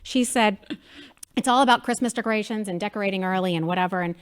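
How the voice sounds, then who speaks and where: A woman in her thirties, a media company president chatting as an interview guest, telling lively stories and acting out quotes. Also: medium pitch, rapid-fire, clean tone. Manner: animated storyteller, acts out quotes. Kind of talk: casual interview chat.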